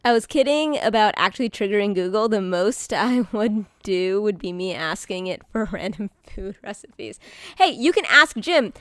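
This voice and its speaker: A woman streaming live, talking casually to her chat in a rambling way, with many fillers and restarts and bubbly bursts of excitement. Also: medium pitch, normal speed, dry recording, clean studio sound.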